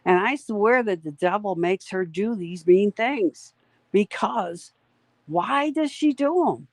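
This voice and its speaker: A woman's voice: medium pitch, animated, takes it slowly, a little mellow, no room sound. A woman hosting a casual live commentary, indignant and emphatic, repeating points for weight. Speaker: host of a commentary stream.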